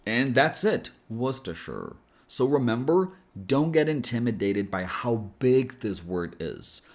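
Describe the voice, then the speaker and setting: Slow, careful male accent coach. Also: mid-range voice. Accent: American. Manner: slow, careful, demonstrating sounds. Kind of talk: pronunciation lesson.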